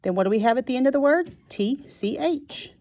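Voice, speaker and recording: A woman teaching a phonics lesson to young children, sounding out each word slowly and clearly. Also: high voice, expressive, mellow. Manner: slow and clear, sounding out words.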